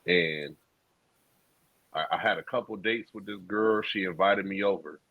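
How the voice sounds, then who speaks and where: A man co-hosting a podcast, telling a profane story in a casual, animated street style. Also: deep voice, normal speed, no room sound. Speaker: podcast co-host. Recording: dull lo-fi sound.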